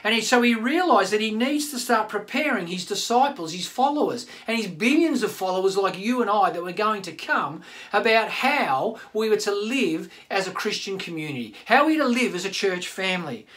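A man's voice: sits high, normal speed. A man, a pastor giving a chatty online sermon and talking straight to his listeners. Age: 50s. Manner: chatty, animated, addresses listeners directly.

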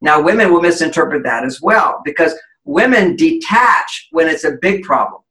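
A man's voice: a little high, expressive, normal speed, bright, forceful tone, reverberant, poor audio. A man giving relationship advice as an interview guest, explaining in an emphatic, lecturing way and acting out quoted voices.

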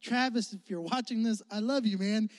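Casting: a young man from the Chicago area as youth preacher, high-voiced and playful. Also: moderate pace, no room sound, studio quality. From Chicago area, United States. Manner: animated, joking, talks to the audience. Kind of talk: storytelling sermon.

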